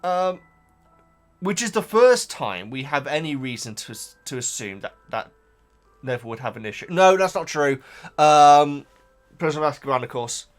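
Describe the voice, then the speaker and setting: A man hosting a casual reaction vlog, chatty and excitable, talking straight to his viewers. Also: a little high, normal speed, soft background music. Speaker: channel host reacting to a book.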